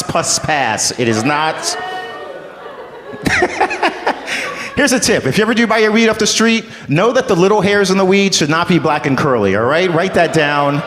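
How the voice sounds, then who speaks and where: A man's voice: high voice, fairly bright tone. A man from the US East Coast doing a stand-up set on a comedy club stage, crude, self-mocking and conversational. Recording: echoey hall with background noise.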